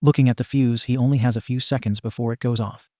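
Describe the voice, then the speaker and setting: A man's voice: medium pitch, steady tone, quick pace, warm tone, no echo, clean studio sound. A man reading a comedic fan story aloud in a wry, tongue-in-cheek narrating voice.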